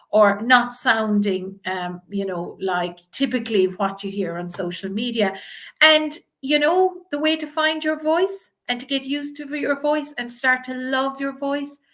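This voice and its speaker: A woman with a strong Irish accent from Ireland, coaching viewers live and reading out their comments. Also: a little high. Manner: encouraging, reads out viewer comments. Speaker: image coach.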